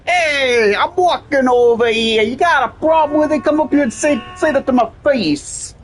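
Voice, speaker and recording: A man putting on a high, loud New Jersey accent as a confrontational mob tough guy during a gameplay commentary. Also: moderate pace, soft background music. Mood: challenging. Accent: put-on New Jersey.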